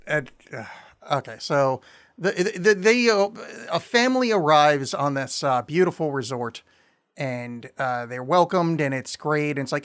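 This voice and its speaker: A man with a slightly higher voice co-hosts a casual podcast. He talks about a film in a sardonic, offhand way. His sentences often break off and start again. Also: animated, fairly bright tone. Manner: halting, many restarts, sardonic. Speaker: podcast co-host. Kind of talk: casual film review chat.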